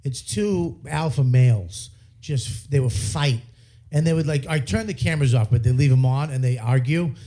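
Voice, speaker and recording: A man hosts a comedy podcast full of casual banter, telling stories animatedly with frequent laughter and sudden bursts of silly put-on voices. His voice is medium-pitched and his pace moderate.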